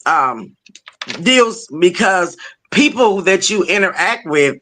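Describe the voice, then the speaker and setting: A woman interview host with a bright, forceful voice. She talks in a halting way, repeats her words, and gushes over her guest. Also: medium pitch, expressive. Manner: hesitant, repeats words, effusive praise. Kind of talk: casual interview chat.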